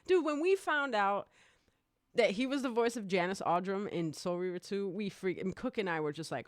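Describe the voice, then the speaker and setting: A podcast host in their forties, chatting excitably on a live stream, rambling, laughing often and swearing freely. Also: medium pitch, normal speed, no echo, clean studio sound.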